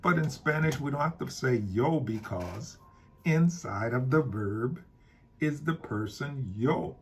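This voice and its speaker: Slow, husky male Spanish teacher. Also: medium pitch, expressive. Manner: slow, deliberate, repeats key points. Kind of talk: classroom-style grammar lesson.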